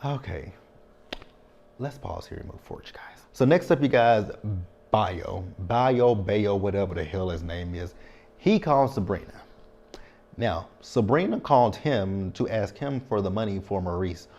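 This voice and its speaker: Chatty low-voiced man recapping a show. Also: expressive, a little slow, a little mellow, muffled recording. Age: 30s. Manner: chatty, frank, frequent tag questions. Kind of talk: casual TV recap vlog.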